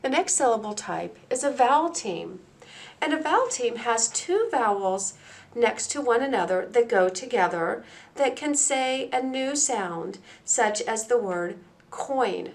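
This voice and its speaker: A woman presenting a recorded teacher-training lecture on phonics, explaining each point slowly and deliberately, step by step. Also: a little high, animated.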